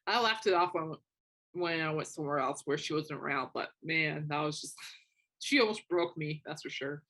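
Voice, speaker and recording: Young woman podcaster, casual chatty storytelling, a bit low-pitched. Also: normal speed. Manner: chatty storytelling with animated quoted asides. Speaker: podcast host. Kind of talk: casual chat.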